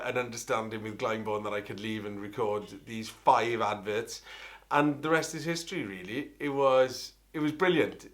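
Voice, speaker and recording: Welsh man, middle-aged, opera singer, bright ringing voice, rambling animated storyteller, self-interrupting. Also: medium pitch. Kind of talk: anecdotal storytelling.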